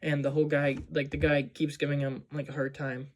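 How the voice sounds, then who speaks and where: A man's voice: a little high, completely flat delivery, a little fast, slight background noise. A man casually recapping a movie plot as a reviewer, rambling with lots of "um" and "like". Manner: rambling, many fillers like "um" and "like".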